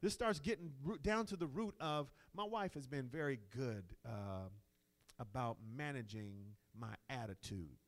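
A middle-aged man preaching a sermon in a conversational way, moving between quiet asides and loud, emphatic lines. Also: mid-range voice, unhurried. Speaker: pastor.

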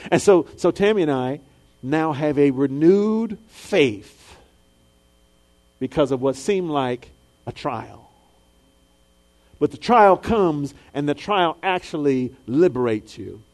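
Man preaching, slightly high voice, swings from hushed to loud, acts out voices. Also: animated, takes it slowly. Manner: acts out voices of people in his stories. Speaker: pastor. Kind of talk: sermon.

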